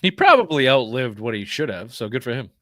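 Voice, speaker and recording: Man, sports podcast host, blunt, swears, bright forceful voice, dry sound. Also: medium pitch, very animated, fairly quick, dry recording. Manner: blunt, opinionated, swears freely. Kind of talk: casual sports podcast chat.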